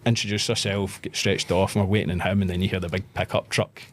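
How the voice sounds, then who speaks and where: A man with a Scottish accent, a podcast guest telling stories in a lively way and acting out the voices of the people in them. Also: low voice, fast talker. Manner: animated anecdotes, acts out quoted voices. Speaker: podcast guest, pro wrestler. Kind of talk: casual storytelling interview.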